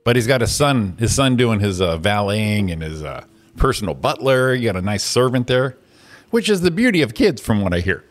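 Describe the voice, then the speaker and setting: A man hosting a morning radio show, telling stories in a loose, profane, animated way and acting out grumpy voices. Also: lowish voice, a little fast. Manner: animated storyteller, swears freely, acts out grumpy voices. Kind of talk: casual chat.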